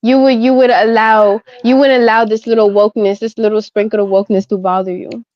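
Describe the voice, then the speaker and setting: Slangy higher-voiced woman on a dull dry mic. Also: level tone, brisk, no echo. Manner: laughing, slangy, profane. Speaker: podcast co-host. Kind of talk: casual podcast banter.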